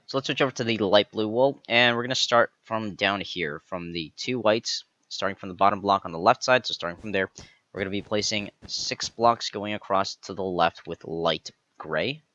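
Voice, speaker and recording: A man's voice: fairly low pitch, sharp tone, no echo, muffled recording. A man hosting a step-by-step game building tutorial, methodically counting each block aloud as he places it. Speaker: tutorial host.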